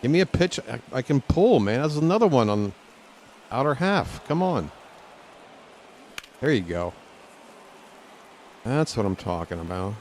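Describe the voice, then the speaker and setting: A man streaming live gameplay from a lounge chair at home, talking to the game and reacting loudly as he plays. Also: mid-range voice, very animated, measured pace, pauses often, slight background noise. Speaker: gaming streamer.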